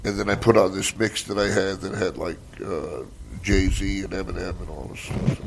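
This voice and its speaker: Older male comic, low gravelly voice, rambling casual storyteller, laid-back, faint background hiss. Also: steady tone, normal speed. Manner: rambling storytelling, frequent swearing and fillers. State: relaxed after a massage. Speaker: stand-up comedian guest. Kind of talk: casual chat.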